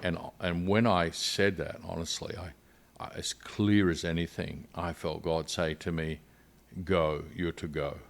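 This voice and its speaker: A man's voice: deep voice, level tone, measured pace, creaky. An older man with an Australian accent, a missionary guest telling his story earnestly in a podcast interview.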